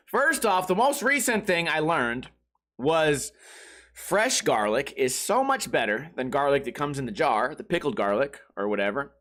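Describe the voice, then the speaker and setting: A man hosting a comedy podcast, telling a profane story in a rant that bursts into shouting. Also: medium pitch. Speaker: podcast host.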